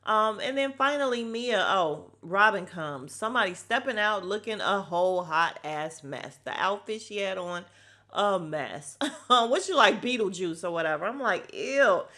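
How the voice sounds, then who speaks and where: A woman's voice: mid-range voice, normal speed. A woman hosting a casual podcast, recapping a reality show episode in a blunt, sassy way and swearing freely. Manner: animated, acts out the cast's lines. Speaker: podcast host.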